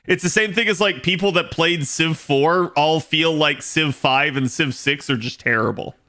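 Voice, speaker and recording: Casual streamer guy with a bright, forceful voice who rambles loosely and thinks out loud. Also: fairly high pitch, normal speed. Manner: rambling, thinks aloud with many fillers. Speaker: game streamer chatting with viewers. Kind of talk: casual live-stream chat.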